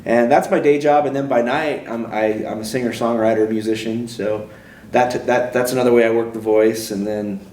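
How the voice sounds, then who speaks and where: A man being interviewed as a race announcer, talking in a relaxed, rambling and self-deprecating way. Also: mid-range voice, moderate pace, slight background noise. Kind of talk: casual interview chat. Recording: roomy, mic at a distance.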